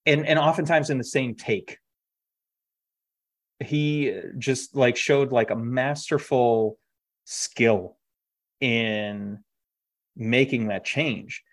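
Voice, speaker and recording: A man co-hosting a casual podcast, rambling with lots of fillers and restarts. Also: mid-range voice. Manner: acted on stage. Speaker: podcast co-host. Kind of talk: casual chat.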